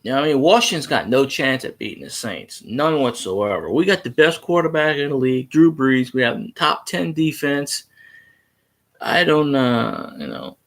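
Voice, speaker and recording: A sports fan hosts a casual livestream about his team, reacting to viewer comments, arguing with them heatedly and swearing freely. His voice is medium-pitched and a bit bright, with an animated delivery at a moderate pace.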